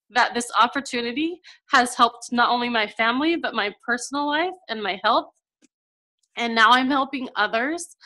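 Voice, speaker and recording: A woman's voice: on the high side, sharp tone. A woman in her thirties telling her personal story in a chatty, emotional way, with lots of fillers. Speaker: guest coach sharing her story. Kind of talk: casual heartfelt testimonial.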